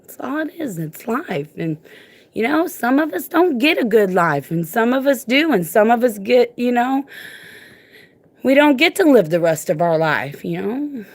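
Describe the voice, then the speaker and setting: A woman's voice: fairly high pitch, sing-song, a little slow. A woman delivers a heartfelt, informal rant recorded on her own phone. She talks emphatically and casually, circling back to her points and leaning on "look" to press them home. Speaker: parent vlogger and advocate. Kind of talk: impassioned casual vlog rant.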